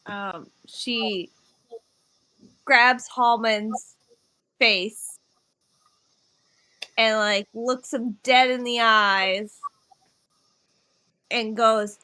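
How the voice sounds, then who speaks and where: A woman playing a tabletop game, talking in a laid-back, drawn-out way and swearing casually. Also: on the high side, steady tone, bright, forceful tone, no echo, rough recording. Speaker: player.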